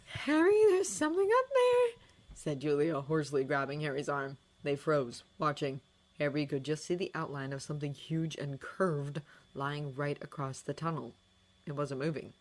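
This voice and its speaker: A woman narrating a fan fiction audiobook with expressive, dramatic storytelling. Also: deep voice, normal speed.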